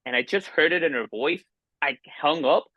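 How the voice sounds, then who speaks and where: A man in his forties from Miami, a podcast guest telling a personal story in an earnest, halting way with many restarts. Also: fairly high pitch, bright, forceful tone, no echo. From Miami, United States. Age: 40s. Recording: dull, dry lo-fi sound.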